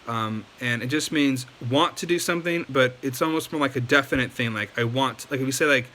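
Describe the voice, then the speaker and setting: A man's voice: medium pitch, fairly quick, bright, forceful tone, a little hiss or hum. A man giving a casual video lesson, loose and chatty with many ums and likes. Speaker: language teacher.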